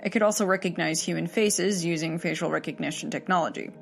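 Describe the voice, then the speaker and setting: A woman reading a horror story aloud in a steady, measured storytelling manner. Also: fairly low pitch, gravelly, soft background music. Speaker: story narrator.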